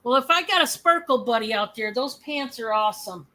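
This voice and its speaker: A woman's voice: on the high side, expressive, a little fast, sharp tone. A woman with a Michigan accent hosting a live sales stream, chatty and rambling, laughing often. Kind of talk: casual live stream chat.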